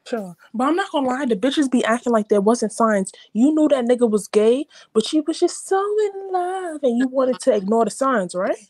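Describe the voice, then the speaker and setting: A woman's voice: high-pitched, expressive, moderate pace, few pauses, darkish tone, no room sound. Blunt, profane New York woman. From New York City. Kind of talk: casual chat.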